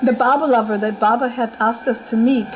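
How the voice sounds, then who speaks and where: A middle-aged woman with a fairly high voice recounts a personal story in casual spoken memoir style. She laughs often and acts out the voices of the people in it, with lively energy. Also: fairly quick, background noise. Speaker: storyteller recalling a spiritual journey. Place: talk at a spiritual center.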